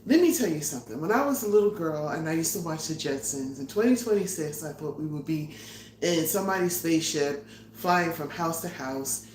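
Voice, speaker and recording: A middle-aged woman hosting a casual live cooking stream from her home kitchen, chatty and excitable, laughing often and a little out of breath. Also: sits low, fairly quick, roomy sound, a little hiss or hum. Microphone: phone or camera on a tripod.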